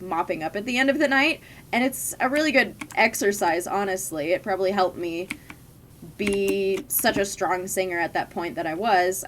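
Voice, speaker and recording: With a fairly bright, medium-pitched voice, a young adult woman streamer chats while gaming, wandering through anecdotes about her former jobs with frequent laughs. Slight background noise is present.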